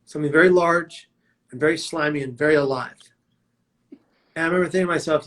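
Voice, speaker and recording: A man's voice: a little high, fast talker, pauses often, fairly bright tone. A man telling his own life story as a prevention speaker, in a vivid, dramatic way with emphatic quoted lines. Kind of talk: personal storytelling talk.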